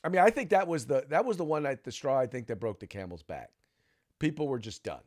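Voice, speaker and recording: A man's voice: mid-range voice, very animated, fast, darkish tone. A man hosting a casual political talk podcast and reading sponsor spots. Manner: conversational, reads ad copy. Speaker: podcast host.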